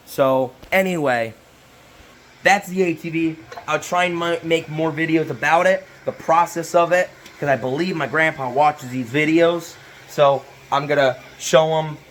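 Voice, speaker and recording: A man's voice: mid-range voice, a bit bright, slight background noise. A young man hosting a casual repair vlog in a hot garage, rambling and self-interrupting with apologetic asides. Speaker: channel host.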